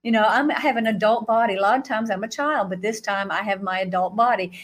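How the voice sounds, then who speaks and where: A middle-aged woman telling a story in an animated way, laughing often and jumping to a high voice when she acts out reactions. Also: fast. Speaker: guest recounting a vision.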